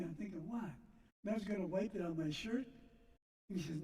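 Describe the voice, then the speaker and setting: An older man slowly recounting a personal story to a church gathering, halting and reflective. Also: sits high, warm tone. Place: church sanctuary. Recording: echoey church from a distance.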